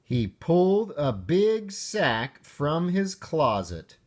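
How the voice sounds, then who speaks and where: A man reading a children's picture book aloud with expressive delivery and playful sound words. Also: fairly high pitch, takes it slowly. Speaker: narrator.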